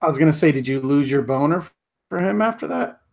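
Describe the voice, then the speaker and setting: Podcast co-host, male, slightly higher voice, blunt and swears freely in casual chat. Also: animated, fairly quick, creaky, darkish tone, slight background noise. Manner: blunt, profane, opinionated.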